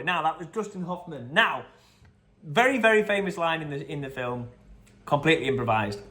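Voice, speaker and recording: A quiz host goes over the answers in a loose, rambling way, packed with fillers and brief quote impressions. His mid-range voice is animated and fairly bright.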